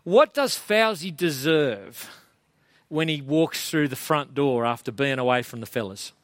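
A man's voice: a little high, expressive, measured pace, no room sound. Casual male pastor preaching. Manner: casual, chatty, self-deprecating. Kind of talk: sermon.

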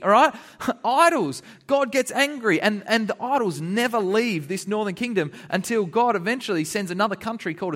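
Man, high voice, kids' bible lesson, animated, laughing, acts out characters. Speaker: children's Bible teacher. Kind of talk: lively kids' sermon.

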